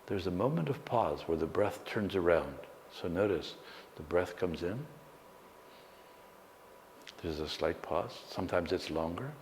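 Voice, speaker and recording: A man, a meditation teacher, guiding a slow, calm meditation with long pauses. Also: deep voice. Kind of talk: guided meditation. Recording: long hall reverb, faint background noise.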